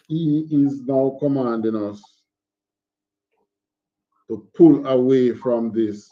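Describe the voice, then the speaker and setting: A man teaching an online scripture class over a video call, halting and repeating words as he asks questions. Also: mid-range voice, lo-fi sound. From Jamaica. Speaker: religious teacher.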